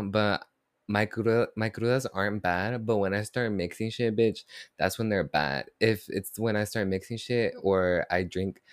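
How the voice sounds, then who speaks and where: A man hosting a casual podcast chat, excitable and slangy, cursing freely and hungover. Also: fairly low pitch, no room sound, studio quality. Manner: excitable, slangy, swears a lot, mixes in Spanish. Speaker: podcast host. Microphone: podcast microphone.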